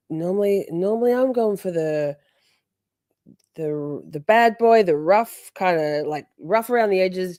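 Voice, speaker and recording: A woman's voice: fairly low pitch, mellow, no room sound, studio quality. A woman hosting a livestream, chatting casually and gushing with frequent laughter as she recaps a trial. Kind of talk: casual live commentary.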